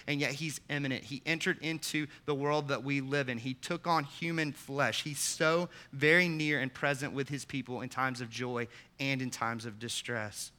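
A man, the pastor, preaching a sermon with earnest emphasis, putting direct questions to the congregation and rising to loud, emphatic peaks. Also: medium pitch. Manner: asks the listeners direct questions.

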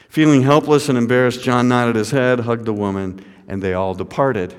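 A man's voice: fairly low pitch, moderate pace, clean tone. Man preaching in a reverberant hall. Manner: dramatic, swinging from hushed to raised. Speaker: pastor. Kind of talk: sermon storytelling.

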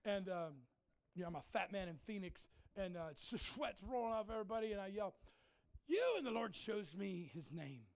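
High-voiced joking preacher man. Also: a little fast. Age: middle-aged or older. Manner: folksy, joking, bursts into shouting. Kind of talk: sermon storytelling. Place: church in front of a congregation.

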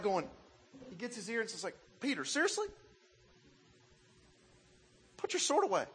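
A man from Arkansas, preaching a sermon in an animated, self-mocking way and asking the crowd questions. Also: high voice, slightly rough, long reverb tail. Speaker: pastor.

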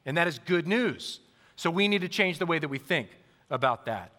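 Male pastor, thirties, animated storyteller with a raised, bright, forceful voice, long hall reverb. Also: on the high side, normal speed. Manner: lively, animated storytelling to a congregation. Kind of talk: sermon.

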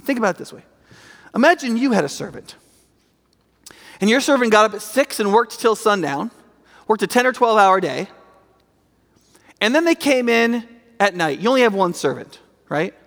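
A man's voice: very high-pitched, sing-song, normal speed, pauses often, fairly bright tone, big-room sound. A man preaching a sermon in a conversational, emphatic way, often checking in with "right?".

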